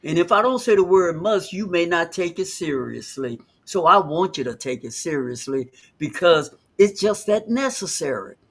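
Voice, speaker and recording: Man, fairly high voice, emphatic live talk show host. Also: normal speed, few pauses, fairly bright tone. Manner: emphatic, preacherly stress on words.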